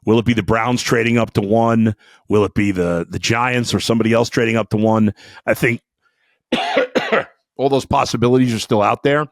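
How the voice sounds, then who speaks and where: A man in the middle of an angry sports talk rant, firing off profanity and jumping between loud bursts and low, disgusted grumbling. His voice sits at a middle pitch. The sound is dry and close to the mic, with no room around it. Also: steady tone, moderate pace, no room sound. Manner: fiery, profane, swings between shouting and muttering. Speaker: sports talk podcast host.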